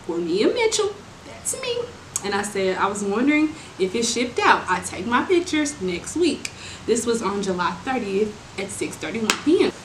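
A young adult woman telling a storytime to viewers, animated and exasperated, talking in slangy, casual speech. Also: medium pitch. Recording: roomy with steady background noise.

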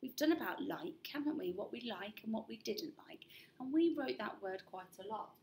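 A woman teaching a recorded phonics lesson to young children, spelling out sounds slowly and patiently encouraging them. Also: medium pitch, expressive, a little mellow, slight background noise.

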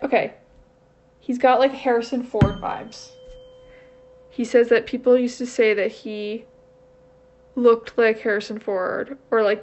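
A woman channeling on her own in a casual, hesitant way, thinking aloud and questioning herself as she goes. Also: on the high side. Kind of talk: casual solo channeling session. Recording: slightly dull lo-fi audio with faint noise.

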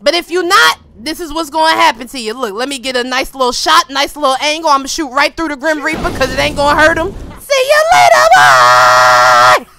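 A young woman hosting a gaming video, giving loud, playful trash-talk commentary full of slang. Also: high voice, fast, vocal fry, hardly any pauses, slight background noise. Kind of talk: let's play commentary.

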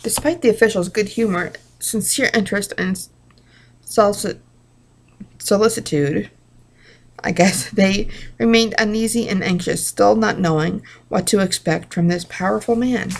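A woman with a gravelly, mid-range voice reads aloud from a Bible devotional book, taking her time. Now and then she pauses for short personal asides.

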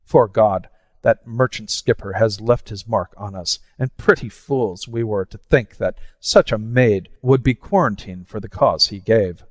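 A frightened ship's surgeon, as a male reader plays him, cries out urgently. His voice sits on the low side. It is close and dry, with a long reverb tail. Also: measured pace, natural voice. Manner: urgent, shouting. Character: frightened pirate ship's surgeon, hard-drinking.

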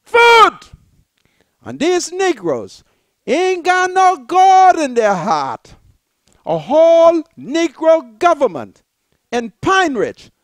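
A man with a Bahamian accent hosting a show, giving impassioned, preachy commentary that repeats phrases and bursts into shouts. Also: very high voice, huge pitch swings, takes it slowly, no echo, studio quality. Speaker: show host.

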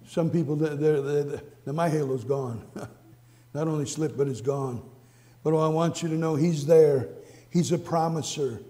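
A high-pitched man preaches in a church sanctuary, his voice trailing off into a long reverb. He tells his own story earnestly, repeating phrases, and moves from quiet, hushed lines to bursts of exclamation. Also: a little slow. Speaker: pastor. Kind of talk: sermon with personal testimony.

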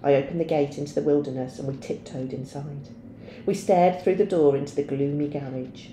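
A woman teacher reading a novel aloud in a steady storytelling voice. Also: deep voice, brisk, reverberant, a little hiss or hum.

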